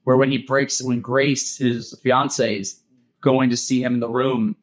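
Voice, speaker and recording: An eager man on a podcast, talking at an everyday middle pitch. He rambles through a long retelling in loose, casual chat, restarting his sentences as he goes. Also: level tone, a little slow. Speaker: podcast co-host.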